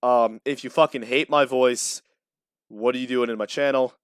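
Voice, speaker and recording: A man's voice: medium pitch, steady tone, moderate pace, clean tone, dry recording, studio quality. A man from Florida hosting a casual gaming podcast chat, talking bluntly and swearing freely. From USA, Florida. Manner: blunt, profane, opinionated. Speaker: podcast host.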